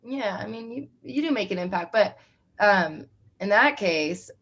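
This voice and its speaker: A woman's voice: medium pitch, expressive, measured pace, fairly bright tone, breathy edge. A young adult woman conducts a casual interview in a mid-range voice. She talks hesitantly, circling through fillers and restarts, and laughs often.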